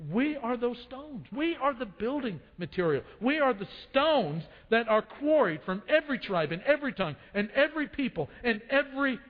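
A man preaching a sermon to his congregation, calling for responses and repeating phrases for emphasis. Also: sits high. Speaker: pastor. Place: church sanctuary. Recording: dull sound in a reverberant church hall.

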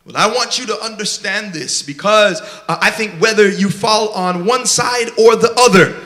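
A man's voice: high-pitched, moderate pace, pushed and bright. A man preaching a sermon in a church, fervent and call-and-response, often breaking into song.

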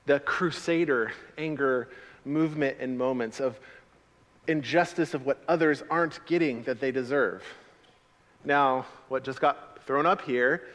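A man preaching a sermon as a pastor, in a conversational, animated way with frequent repetitions. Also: fairly high pitch, in a large hall.

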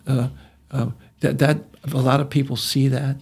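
A man hosting a relaxed discussion, wandering through his stories with frequent restarts. His voice is gravelly and husky, sitting at an ordinary middle pitch. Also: normal speed. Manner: rambling, many restarts, tells jokes and anecdotes. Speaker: podcast host. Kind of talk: casual discussion.

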